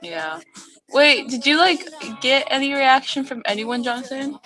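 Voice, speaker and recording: A young woman co-hosting a casual podcast chat, animated and full of fillers. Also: high voice, measured pace, gravelly, soft background music. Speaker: podcast co-host.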